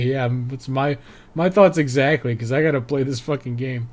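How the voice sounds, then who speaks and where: A man's voice: mid-range voice, normal speed. Sarcastic swearing man streaming a game. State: sweaty and worn out. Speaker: livestreamer. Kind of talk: live gameplay commentary.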